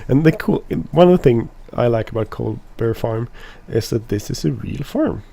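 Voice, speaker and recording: Swedish guy rambling over a farming game, low gravelly mellow voice, lots of uhs. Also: expressive, moderate pace. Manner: rambling, many restarts and fillers. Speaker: let's play host. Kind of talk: casual gameplay commentary.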